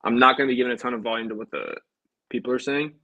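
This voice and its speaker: A man's voice: mid-range voice, rapid-fire, bright, forceful tone, dull audio. A young man, an insurance sales agent, chatting casually with a livestream audience between phone calls to prospects. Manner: chatty, upbeat, talks to viewers and then dials prospects.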